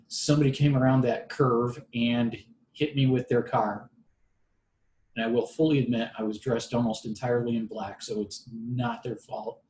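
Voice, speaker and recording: Wry man telling a story, roomy sound. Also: mid-range voice. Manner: wry, deadpan humor. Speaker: podcast storyteller. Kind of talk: casual storytelling monologue. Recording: roomy echo.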